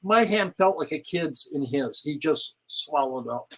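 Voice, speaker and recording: An older man, a guest in a casual interview, telling stories in an animated way and acting out quoted lines. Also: on the high side, unhurried, poor audio. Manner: animated storyteller, acts out quotes. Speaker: guest, retired pro wrestler.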